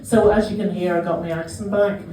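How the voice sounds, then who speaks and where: A Northern Irish woman in her fifties performing a stand-up set, telling self-mocking stories with quick dry asides. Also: mid-range voice, fairly even intonation, a loud crowd. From Northern Ireland. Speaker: stand-up comedian. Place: small comedy club. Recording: roomy live venue, mic heard from a distance.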